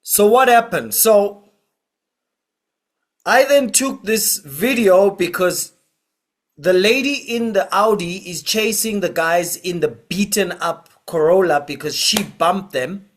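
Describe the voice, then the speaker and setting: Casting note: male vlogger, higher voice, unhurried delivery, casual storyteller who acts out quotes. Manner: retells events with quoted voices and asides.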